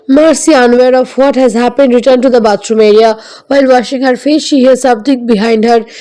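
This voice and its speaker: A woman narrating a scripted film recap in a steady, even storytelling manner. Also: fairly high pitch, low-quality recording.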